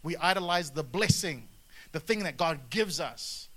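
A man preaching a sermon to a congregation, animated, with frequent asides and calls for the crowd to respond. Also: a little high, moderate pace. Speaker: pastor.

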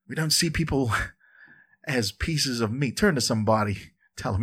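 A man preaching a sermon in church, lively and conversational, often repeating words and adding asides. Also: mid-range voice, normal speed, husky. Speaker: pastor.

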